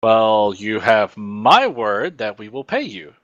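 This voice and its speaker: A man playing a tabletop role-playing game who laughs often and trips over his words as he haggles. His pitch swings widely and his voice sounds dry and close. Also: sing-song, takes it slowly, fairly bright tone, no room sound, highs cut off. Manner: laughing, stammering bargainer. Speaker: player. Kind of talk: casual tabletop role-play chat.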